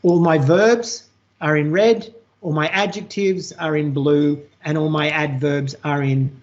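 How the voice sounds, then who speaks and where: Chatty teacher demoing software. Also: medium pitch, steady tone, measured pace. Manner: chatty, checks in often with "all right?". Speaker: teacher presenting a workshop. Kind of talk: live online tech demonstration. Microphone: computer mic on a video call. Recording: muffled lo-fi video call audio.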